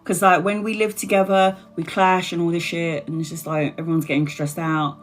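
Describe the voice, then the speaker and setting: A woman's voice: lowish voice, flat delivery, a little fast, soft background music. Chatty swearing woman. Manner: chatty, self-mocking, swears, laughs often. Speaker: tarot reader live-streaming. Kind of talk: casual live-stream chat.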